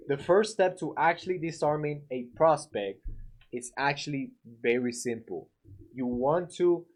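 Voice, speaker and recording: Male sales coach, slightly high voice, chatty and playful, soft music under. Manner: conversational, acts out greetings with playful voices. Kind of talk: casual instructional talk to camera.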